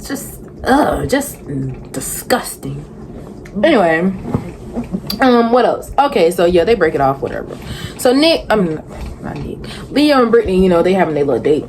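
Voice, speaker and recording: A woman's voice: on the low side, very animated, normal speed, background noise. A young woman, recapping a reality show in a sassy, rambling, exasperated vlog to camera. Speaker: vlogger reviewing a reality show. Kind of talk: casual chatty recap.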